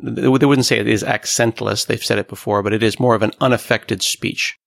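A man from the Pacific Northwest hosting a casual tech podcast, talking in an even, newsreader-like way. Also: fairly low pitch, fairly quick, gravelly, no echo, clean studio sound. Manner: plain newsreader-like delivery. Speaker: podcast host.

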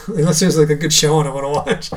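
A man's voice: on the high side, brisk. Joking man co-hosting a podcast. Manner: joking, teasing, laughs a lot. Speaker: podcast co-host. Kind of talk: casual chat.

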